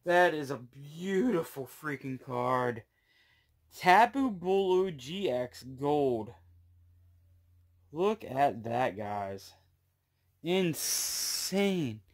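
A man's voice: fairly high pitch, lively intonation, very slow, long pauses. A man opening trading card packs on camera, talking to his viewers in a breathless, exclamatory way. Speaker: card collecting YouTuber. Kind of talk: casual pack-opening vlog.

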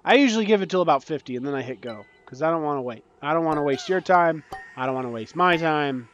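A man casually commenting on his own gameplay, swinging between low muttering and frantic panicked outbursts. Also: lively intonation, fast talker, a bit bright, highs cut off. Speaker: gaming channel host.

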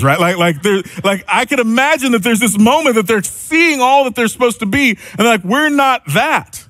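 A man's voice: very high voice, expressive, moderate pace, few pauses, a bit bright, dry recording. A man preaching a sermon in a casual, conversational way, acting out little dialogues and asides as he teaches. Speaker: pastor.

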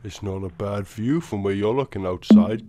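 A man making prank phone calls, speaking in a calm, mock-concerned way and repeating the same questions to needle the person on the line. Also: on the low side, normal speed. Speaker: prank caller.

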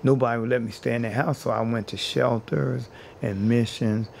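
A man's voice: mid-range voice, steady tone, moderate pace, creaky, a little mellow, slight background noise. A man being interviewed as a housing activist, telling his story in an earnest way and building his points by repeating phrases.

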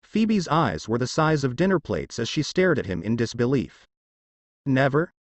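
Man narrating with a lively pitch. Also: normal speed, dry recording. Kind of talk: scripted fanfiction narration.

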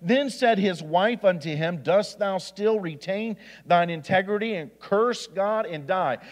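A man, an assistant pastor from Indiana, preaching a sermon, reading scripture aloud with restarts and asides. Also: sits high. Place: church sanctuary. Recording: church hall with long reverb.

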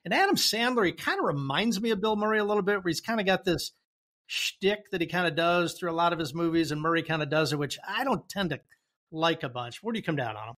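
A man's voice: a little high, expressive, fast, fairly bright tone. A man co-hosting a movie podcast who rambles and asks the others questions in casual chat. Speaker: podcast co-host.

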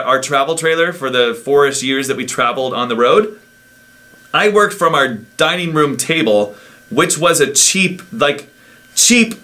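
A man's voice: mid-range voice, bright, forceful tone. A man vlogging casually from his home office, rambling and interrupting himself as he shows things off. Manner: rambling, chatty, self-interrupting. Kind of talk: casual unscripted vlog. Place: home office in a house in the woods. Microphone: desk microphone.

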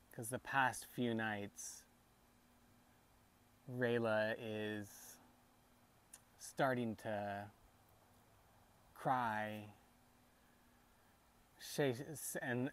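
A man in his thirties talking softly and haltingly about grief on a personal vlog, often restarting his sentences. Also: lowish voice, steady tone. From United States. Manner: soft, halting, tearful speech with many restarts. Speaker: vlogger and father.

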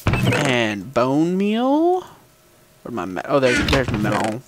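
This man's medium-pitched voice swoops wildly in pitch, and he speaks slowly while commenting on his gameplay. Hosting a gaming video, he muses aloud and hums small sound effects at the game, with mouse and keyboard clicks audible behind him.

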